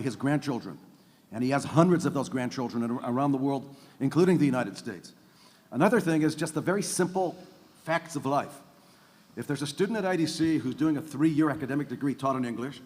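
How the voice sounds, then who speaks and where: A man speaking on a conference panel, making emphatic points and tagging them with "okay?" and "by the way". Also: mid-range voice. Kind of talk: panel discussion talk. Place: large conference hall. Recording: long hall reverb.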